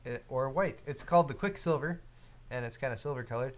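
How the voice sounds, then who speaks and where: On a casual tech live stream, this male co-host reads out viewer donations in a relaxed, chatty way, full of fillers and restarts. He speaks fairly quickly in a mid-range voice.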